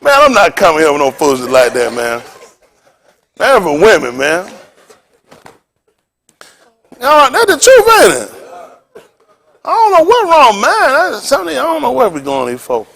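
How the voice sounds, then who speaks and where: Male pastor, very high and swooping voice, animated comic sermon delivery, frequent laughter. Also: moderate pace, creaky, long pauses. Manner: animated, laughs often, loud exclamations. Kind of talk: joking, rambling sermon talk.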